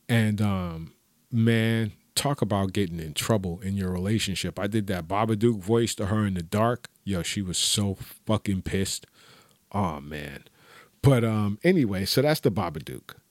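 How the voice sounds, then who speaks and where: A man with a low voice tells casual stories on his podcast, laughing often and swearing freely. The room around him sounds dry and close. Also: no echo. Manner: profane, laughing, animated storyteller. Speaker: podcast host. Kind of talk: casual solo storytelling.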